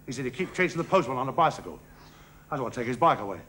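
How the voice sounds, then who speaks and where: A man doing a stand-up comedy routine on a theatre stage, with a bumbling, halting delivery and a giggling laugh. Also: medium pitch, animated. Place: theatre stage before a live audience. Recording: archive stage recording with loud audience laughter and hiss. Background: audience laughter.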